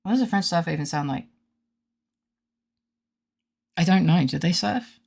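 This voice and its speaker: A woman with a low, gravelly voice talks fairly quickly while streaming a game. In casual commentary she jokes with her chat and reads game lines aloud between giggles.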